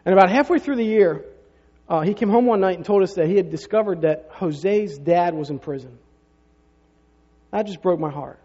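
This pastor's sermon is conversational storytelling, with rhetorical asides aimed at the congregation. His voice sits high and is mellow and slightly rough at a normal speed, captured in a reverberant hall with dull lo-fi quality.

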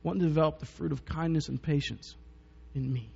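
A man's voice: a little high, fairly quick, creaky, warm tone, slightly rough. A man preaching a sermon as a pastor, telling personal stories in a conversational, joking way with frequent chuckles. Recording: long reverb, dull muffled sound.

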